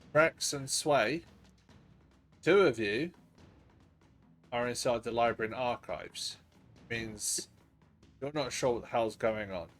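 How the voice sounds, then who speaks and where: A man narrating as dungeon master in a casual, laughing way that drops in swear words. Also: mid-range voice. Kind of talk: narrating a tabletop game. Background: faint ambient game music.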